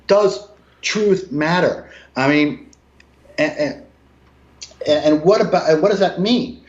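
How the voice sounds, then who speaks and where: A man in casual conversation from his apartment, talking emphatically, swinging between low mutters and raised, swearing outbursts. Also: measured pace. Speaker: guest. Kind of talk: casual video call conversation. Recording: roomy, dull lo-fi sound.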